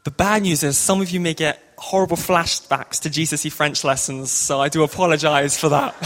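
A man's voice: fairly high pitch, fairly even intonation, moderate pace, fairly bright tone. A man telling a comic story and leading a group in a playful, upbeat, ad-libbing way.

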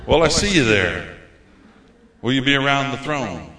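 A man preaching with fervor in a folksy, repetitive way. His voice is bright and forceful. It rings out through a roomy church hall. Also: medium pitch, sing-song, measured pace. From United States. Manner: folksy, repeats phrases, fervent. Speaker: visiting preacher. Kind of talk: sermon.

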